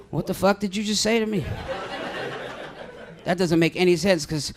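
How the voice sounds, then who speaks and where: High-voiced young man doing stand-up. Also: moderate pace, pauses often, crowd noise. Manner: rambling, deadpan storytelling with crude asides. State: high on edibles. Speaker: stand-up comedian. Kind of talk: stand-up comedy set. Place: comedy club stage.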